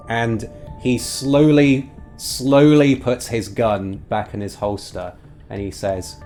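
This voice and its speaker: A man's voice: mid-range voice, slow pace, a little mellow, soft background music. A man narrating as game master of a tabletop game, thoughtful with many fillers.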